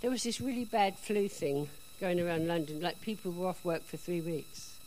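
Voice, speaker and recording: A woman telling a personal faith testimony in a chatty, animated storytelling way. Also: lowish voice, moderate pace, slight background noise, poor audio. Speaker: speaker giving a testimony.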